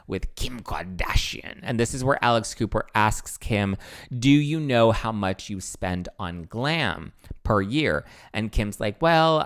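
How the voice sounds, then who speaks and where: A male host rambles through pop-culture gossip in a relaxed, chatty way and drifts into side comments. His voice sits on the low side and sounds clean and resonant. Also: smooth. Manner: chatty, rambling with asides and fillers.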